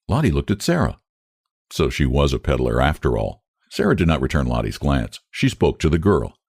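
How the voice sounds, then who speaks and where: Deep, gravelly male storyteller. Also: no room sound, studio quality. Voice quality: expressive, measured narration. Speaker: narrator. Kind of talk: short story reading.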